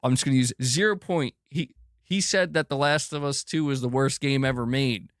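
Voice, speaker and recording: A man's voice: mid-range voice, normal speed, dry recording, studio quality. Emphatic, profane man ranting on stream. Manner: emphatic, profane, swings between loud and muttered. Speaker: gaming news channel host. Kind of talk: livestream commentary rant.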